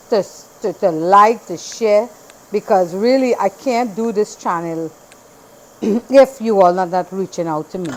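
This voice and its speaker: A woman with a Trinidadian accent talks viewers through a dish in her home kitchen, chatting as she cooks and often circling back to repeat herself. Her voice sits at an ordinary middle pitch, and an irritated throat brings the odd cough. A faint background noise runs under her voice. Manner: chatty, repeats phrases, talks while working. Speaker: cooking channel host. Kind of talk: casual cooking demonstration.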